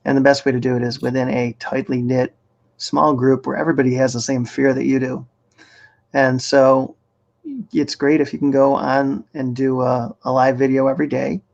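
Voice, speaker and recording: A man hosting a casual live-stream chat, explaining things step by step in a relaxed way. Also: medium pitch, normal speed, creaky, muffled recording. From Boston area, Massachusetts. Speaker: host running a video challenge.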